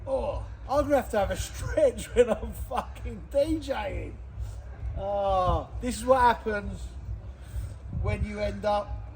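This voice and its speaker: A man's voice: high voice, slow, long pauses, darkish tone. A man in his fifties, a DJ chatting casually to camera on tour, swearing freely and joking with fans. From England. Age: 50s. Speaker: DJ vlogging a tour. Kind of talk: casual vlog chat. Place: nightclub, indoors. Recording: noisy club crowd behind.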